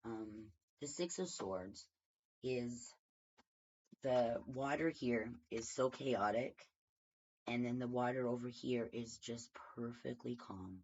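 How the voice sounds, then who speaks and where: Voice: medium pitch, takes it slowly. A tarot reader giving a casual daily reading from home, rambling and thinking aloud with many fillers. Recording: dull lo-fi recording.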